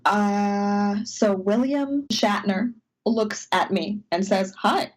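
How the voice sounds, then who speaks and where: A woman on a video call tells a personal story with quick, animated energy. She slips into her own nervous inner voice and sounds on the edge of tears at times. The tone is casual and chatty. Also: mid-range voice, poor audio. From United States. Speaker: podcast cohost.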